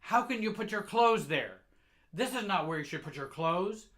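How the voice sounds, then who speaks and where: Man voicing a middle-aged abusive mother in a spoken story, shrill, screaming, bright and harsh. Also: lively intonation, normal speed. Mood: furious, berating. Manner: shrill, screaming insults and despair.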